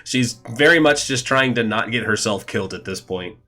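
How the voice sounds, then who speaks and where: A man's voice: on the low side, moderate pace, bright, forceful tone, faint music behind. A man running a tabletop game as game master, stammering through restarts and often laughing.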